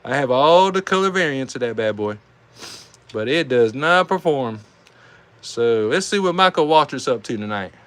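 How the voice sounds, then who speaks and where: A man with a Southern US accent calling live die-cast car races, excitable and saying y'all, reading out times as each heat ends. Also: medium pitch, normal speed, clean tone. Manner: excitable, calls out race times, says y'all. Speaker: die-cast race host and commentator. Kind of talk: live race commentary.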